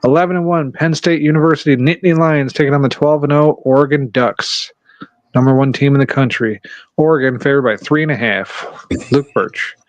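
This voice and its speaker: A man's voice: mid-range voice, brisk, no echo. Host: profane, brash man running a sports picks podcast; dull, dry, lo-fi sound. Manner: brash, swears freely, calls on each panelist for picks. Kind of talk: casual sports podcast chat.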